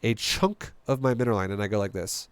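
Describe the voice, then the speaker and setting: A man's voice: lowish voice, brisk, clean tone, no echo. A man streaming and coaching a strategy game, talking bluntly and emphatically, swearing freely and firing off rhetorical questions.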